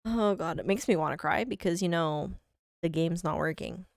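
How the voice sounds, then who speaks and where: A young woman game streamer rambles casually from home, playing up little mock-whiny complaints and poking fun at herself. Her voice sits low for a woman and has a gravelly fry to it. The sound is dry, with no room echo. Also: moderate pace. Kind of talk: casual live-stream chat.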